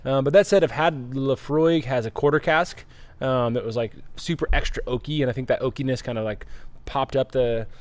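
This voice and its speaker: A man's voice: mid-range voice, a little fast. A man co-hosting a casual brewery chat, easygoing and knowledgeable, talking it through with fillers. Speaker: brewery podcast co-host.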